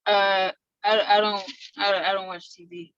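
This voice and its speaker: A woman's voice: medium pitch, little pitch movement, measured pace, fairly bright tone, highs cut off. A woman asking hesitantly in an online Q and A.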